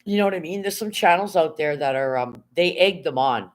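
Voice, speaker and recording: A woman's voice: lowish voice, animated, fairly quick. Chatty woman live streaming. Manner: chatty, rambling, swears freely, reads chat aloud. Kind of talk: casual live stream chat.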